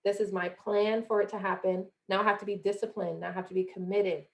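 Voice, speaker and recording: Young woman, from Jamaica, gravelly voice, earnest motivational talk, podcast guest. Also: medium pitch, flat delivery, fast. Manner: earnest, acts out quoted voices. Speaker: guest, former college athlete.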